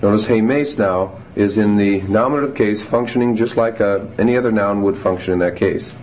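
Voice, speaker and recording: A man teaching a Greek grammar class, reading Greek examples slowly and then explaining them with fillers. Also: lowish voice. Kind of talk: classroom lecture. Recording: dull lo-fi classroom tape, faint hiss.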